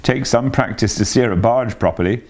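A man's voice: medium pitch, moderate pace, a little mellow, voice pushed up, natural voice. A man voicing a large, hearty canal barge woman who talks in a bluff, friendly way. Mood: insistent.

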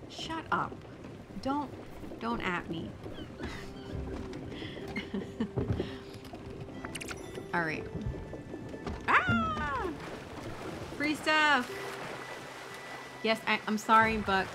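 A young woman talks her way through a game at an unhurried pace, with excitable outbursts and frequent swearing. Her voice sits in a middle pitch. Loud game music plays behind her. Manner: excitable, swears freely, gasps and exclaims. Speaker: gaming streamer. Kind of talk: casual gameplay commentary.

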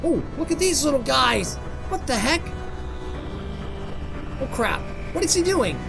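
A man doing jokey, excitable let's play commentary, exclaiming and talking to himself while playing a horror game. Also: extremely high pitch, unhurried, vocal fry, long pauses. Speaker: gamer doing a playthrough. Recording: game music playing behind. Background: game music.

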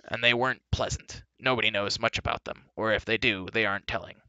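A man voicing a gruff, blunt male dwarf, on a dull lo-fi recording. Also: lowish voice, steady tone, a little fast, sharp tone, no echo.

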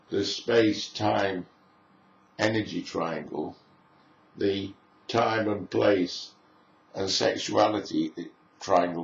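A man's voice: deep voice, gravelly, a little hiss or hum. A man giving a spoken lecture in a musing way, piling up lists of phrases as he goes. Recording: echoey room, dull lo-fi sound.

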